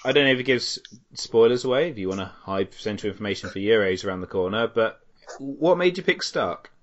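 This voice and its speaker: Hesitant podcast host. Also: male voice, on the low side, animated, fairly quick. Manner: hesitant, filler-heavy questions. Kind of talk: casual chat. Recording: dull lo-fi audio.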